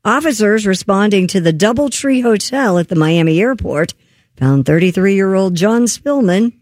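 A woman on a radio show's team in a studio, chatty and quick to chime in. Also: medium pitch, expressive, darkish tone, no echo. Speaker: radio show news reader. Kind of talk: casual radio chat.

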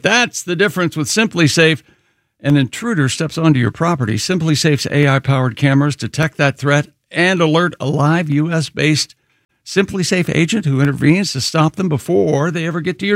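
A man with a fairly high voice reads a home security ad live on air with a playful, boastful tone. The sound is close and dry, with no room around it. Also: expressive, moderate pace, dry recording. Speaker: radio show co-host. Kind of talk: radio banter and live-read ad.

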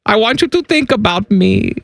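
A man's voice: animated, normal speed, vocal fry, a bit bright, no room sound, full character voice. A radio host putting on a German accent to play a flirty, teasing German man. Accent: put-on German. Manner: high, sing-song, teasing. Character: flirty male German caricature. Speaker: radio sports talk host.

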